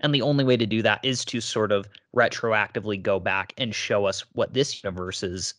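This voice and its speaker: Lowish guy on a podcast, calm, explains things step by step, dry mic. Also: brisk, no echo. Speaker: podcast co-host. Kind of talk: casual discussion.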